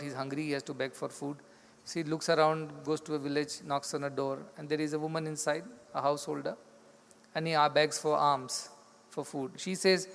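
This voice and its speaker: Spiritual teacher in a reverberant hall. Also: male voice, on the high side. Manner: explains in simple repeated phrases, acts out quoted dialogue in stories. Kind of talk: spiritual discourse with storytelling.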